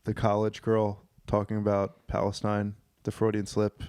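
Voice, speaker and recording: A man's voice: lowish voice, monotone, normal speed, a little mellow, smooth, no echo, clean studio sound. A man co-hosting a podcast, chatting casually, rambling and swearing with the odd silly put-on voice. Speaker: podcast co-host.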